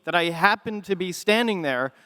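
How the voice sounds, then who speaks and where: A man on a panel telling a rambling anecdote, halting with many fillers. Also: sits high, animated, pushed and bright, clean tone, no echo, clean studio sound.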